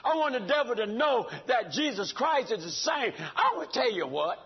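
A man's voice: very high-pitched, big pitch swings, moderate pace, highs cut off. An older man preaching a sermon, hollering and calling out to the congregation with laughing asides. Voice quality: raspy.

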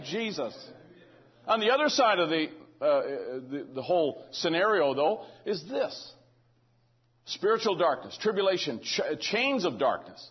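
A man's voice: high voice, husky, dull audio. A man preaching a conversational sermon in a church, often checking in with the congregation and adding joking asides. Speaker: pastor. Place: church sanctuary.

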